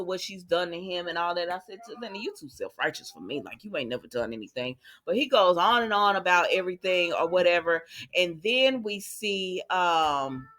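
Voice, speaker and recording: A woman's voice: mid-range voice, fairly bright tone. Chatty woman recapping a soap. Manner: chatty, retells scenes in quotes, talks to viewers directly. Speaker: soap opera recap host. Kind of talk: casual episode recap.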